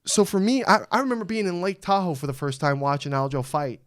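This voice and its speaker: A man in casual podcast chat, with a slightly high, smooth, crisp voice. He talks in an animated, profane way and loudly acts out quotes. The sound is dry and close. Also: quick pace, no echo. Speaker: podcast host.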